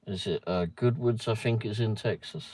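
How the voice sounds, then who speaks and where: A man's voice: fairly low pitch, moderate pace, darkish tone. A man hosting a casual livestream, reading a pub menu aloud with muttered asides and the odd swear word. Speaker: livestream host.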